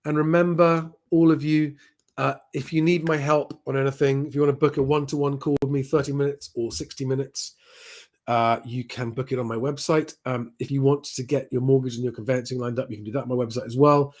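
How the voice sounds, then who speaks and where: A man hosting a live stream, answering viewer questions in a relaxed, conversational way with frequent "um" fillers. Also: medium pitch, fairly quick.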